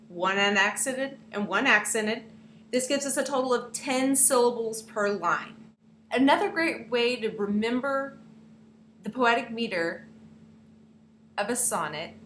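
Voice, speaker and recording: This young woman's classroom lesson is playful, and she keeps addressing the students directly as she narrates. Her voice sits a little high with a fairly bright tone. Behind her there's room echo and a faint hiss.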